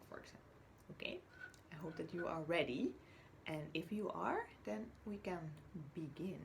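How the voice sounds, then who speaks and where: Slow, gravelly woman teacher. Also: lowish voice, slight background noise. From Chile. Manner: patient, drawn-out words, whispers or acts out words as examples. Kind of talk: slow, clear teaching to young children.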